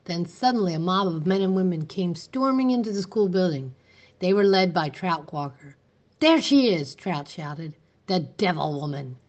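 Woman reading a story aloud. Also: lowish voice. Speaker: reader.

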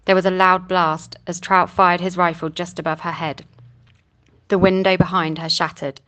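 Woman audiobook narrator, measured, lower pitch. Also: little pitch movement, a bit bright. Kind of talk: scripted narration.

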